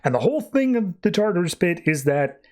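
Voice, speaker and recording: A man's voice: sits high, very animated, brisk. A man hosting a podcast, giving a casual, rambling comic recap full of loose filler words. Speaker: podcast host.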